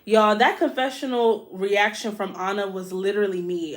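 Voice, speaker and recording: A woman's voice: mid-range voice, moderate pace. Profane, chatty woman podcast host. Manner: profane, animated, addresses listeners as y'all. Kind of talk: casual reality-TV recap.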